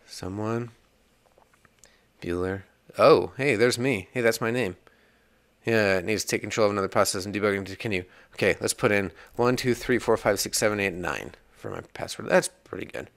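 A man's voice: lowish voice, fairly quick, fairly bright tone, no room sound. A man hosting a casual coding tutorial, chatting and rambling as he works, laughing at bugs along the way. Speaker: iOS developer tutorial host.

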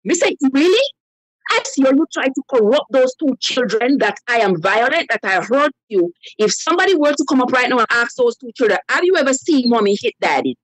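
Animated high-voiced woman storyteller. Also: a little fast, few pauses, dry recording, poor audio. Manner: animated storyteller who acts out quoted voices. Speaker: caller. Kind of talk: telling a personal story on a live call-in show.

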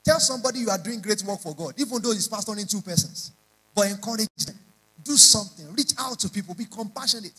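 A man's voice: sits high, lively intonation, fast, pushed and bright, breathy edge, rough recording. A man preaching a sermon, emphatic and repeating lines in rising prayer chants. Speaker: pastor.

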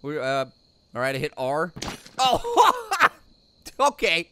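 A man voicing a hyper, wisecracking male cartoon fruit who excitedly comments on a video game, repeating himself and yelping at scares. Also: takes it slowly, a little hiss or hum, full character voice. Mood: puzzled. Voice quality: high, gravelly voice. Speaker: let's play commentator. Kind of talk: let's play commentary.

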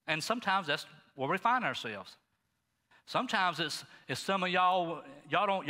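Animated high-voiced male pastor preaching. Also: big-room sound. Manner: folksy, animated preaching with asides to the congregation. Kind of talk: sermon. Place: church sanctuary.

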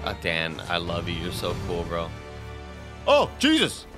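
Excitable swearing male game streamer. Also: deep voice, unhurried. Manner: excitable, profane, laughing, talks to chat. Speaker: streamer playing a video game. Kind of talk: live gameplay commentary. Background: game music and sound effects.

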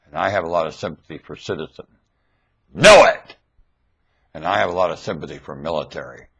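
A man talking straight into his webcam mic in a monologue rant, swinging between loud emphatic outbursts and low muttering. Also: very fast, slightly rough, lo-fi sound.

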